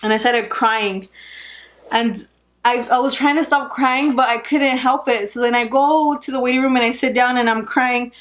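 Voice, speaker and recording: A young woman vlogger telling a personal story in a casual, animated way, laughing often and saying "like" a lot. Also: on the high side, moderate pace.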